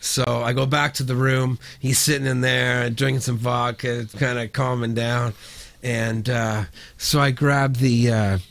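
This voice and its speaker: A middle-aged man from Canada with a gravelly, fry-edged voice at an ordinary male pitch. He tells a story as a podcast guest, casually and loosely, stumbling over restarts and dropping curse words without a second thought. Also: little pitch movement, measured pace, fairly bright tone. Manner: rambling, frequent restarts, swears freely.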